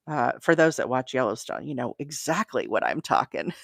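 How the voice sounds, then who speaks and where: A woman's voice: a bass voice, big pitch swings, moderate pace, vocal fry, dry recording, studio quality. A woman hosting a crochet livestream, chatting casually, rambling and laughing often. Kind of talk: casual live-stream chat.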